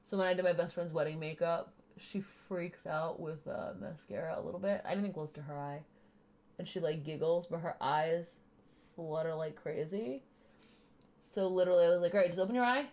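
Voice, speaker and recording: A woman's voice: low-pitched, steady tone, normal speed, dark tone. A woman chatting casually while she does her makeup, explaining each step as she goes. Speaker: streamer doing makeup. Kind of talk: casual makeup tutorial chat.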